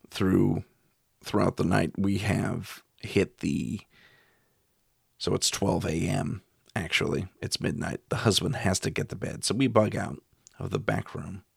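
A man's voice: deep voice, gravelly, breathy edge, dry recording, clean studio sound. A middle-aged man, a paranormal investigator, recounting a ghost investigation in a wry, chuckling way.

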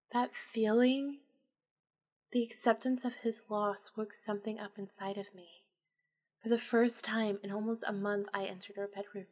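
A woman's voice: mid-range voice, fairly even intonation, normal speed, a little mellow. A woman narrating a supernatural story in the first person, in an intimate, emotional, confessional way.

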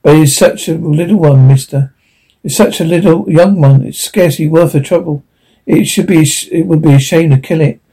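A man's voice: fairly high pitch, moderate pace, mellow, slightly rough, poor audio. A man voicing a timid alien native farmhand who pleads in a deferential way. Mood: pleading.

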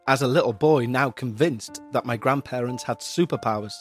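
A man hosting a podcast, reading out a listener's eerie story in a measured, somber way. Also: mid-range voice, fairly even intonation, soft background music. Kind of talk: narrated paranormal story.

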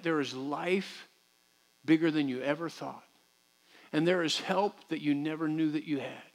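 A middle-aged man preaching a sermon as pastor in a church. He moves between quiet, close talk and loud, impassioned preaching, acting out the voices of people and of God. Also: a little high. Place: church sanctuary.

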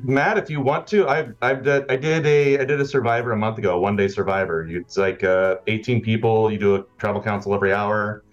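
A man's voice: fairly low pitch, fast, few pauses, lo-fi sound. A man guesting on a casual podcast, laid-back and wry. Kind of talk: casual chat.

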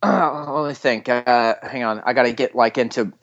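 A man's voice: medium pitch, moderate pace, fairly bright tone, no echo, dull audio. A man co-hosting a podcast, joking around in casual, self-mocking chat. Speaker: podcast co-host.

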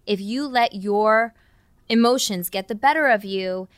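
A woman co-hosting a casual parenting podcast, telling stories and laying out her points one by one in a lively way. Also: medium pitch, a little slow, clean tone, no room sound, clean studio sound. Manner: lively, storytelling, lists points. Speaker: podcast co-host.

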